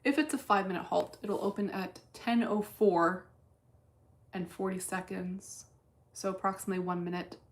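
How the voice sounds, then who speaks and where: Female livestream host, deadpan and profane, mid-range voice, casual chat delivery. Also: mid-range voice, moderate pace. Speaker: livestream host reading chat while day trading.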